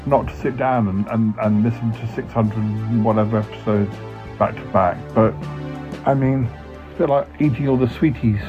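Fretful man stammering. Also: mid-range voice. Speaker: podcast host. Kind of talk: comedy sketch acting. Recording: dull lo-fi sound, faint music.

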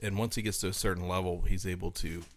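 A man co-hosting a podcast in casual chat, explaining things in a measured way with frequent restarts. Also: sits low, steady tone. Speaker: podcast co-host.

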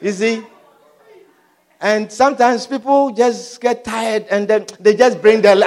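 A man preaching a sermon, animated and often asking the congregation whether they understand. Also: high-pitched, a little slow, some chatter behind, a little hiss or hum. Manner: animated, repeatedly asks "Do you understand?".

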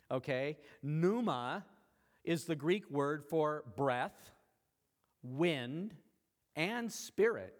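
A man's voice: expressive, slow pace. Man preaching in an echoing hall. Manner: conversational preaching with sudden rises in pitch and volume. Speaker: pastor. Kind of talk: sermon.

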